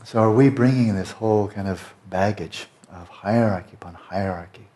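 A man from the United States, his voice lowish and mellow and his pace moderate, teaches meditation to retreat students. The dharma talk is casual yet emphatic, punctuated by frequent "right?" check-ins.

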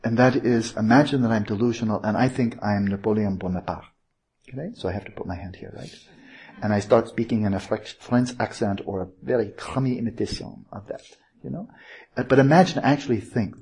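A man's voice: fairly low pitch, fairly quick, darkish tone, husky. A man giving an informal Buddhist teaching, digressive and self-correcting, posing rhetorical questions to his listeners. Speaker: meditation teacher.

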